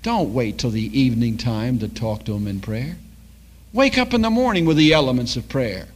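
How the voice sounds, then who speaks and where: A man's voice: mid-range voice, expressive, moderate pace. An older man preaching a sermon as a pastor, telling stories and acting out the dialogue.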